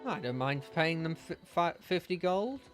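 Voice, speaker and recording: A man playing through a video game, casually thinking out loud and reading the game's narration aloud. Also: a little high, lively intonation, normal speed, faint music behind. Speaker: gamer. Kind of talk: let's play commentary and reading game text.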